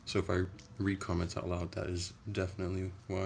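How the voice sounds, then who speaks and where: A young man hosting a casual livestream, chatting in a soft-spoken, rambling way. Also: low-pitched, completely flat delivery, brisk, creaky, a little hiss or hum. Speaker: livestream host.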